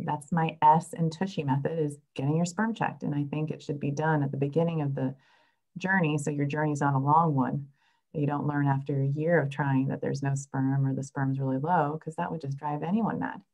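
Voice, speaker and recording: A woman with a notably low voice speaks as a fertility specialist on a podcast. She talks in a chatty, animated way, laughing as she tells patient stories. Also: rough recording. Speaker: reproductive endocrinologist, guest. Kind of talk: casual podcast conversation.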